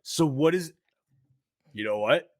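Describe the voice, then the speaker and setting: A man co-hosting a podcast, chatting casually with quick reactions and a lot of laughter. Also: on the high side, animated, a little mellow, no echo, studio quality. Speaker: podcast co-host. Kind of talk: casual chat.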